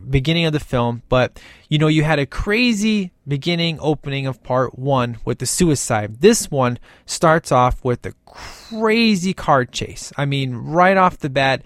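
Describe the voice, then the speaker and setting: A man's voice: mid-range voice, animated, measured pace, no room sound, clean studio sound. Enthusiastic man reviewing a movie. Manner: enthusiastic, rambling with restarts.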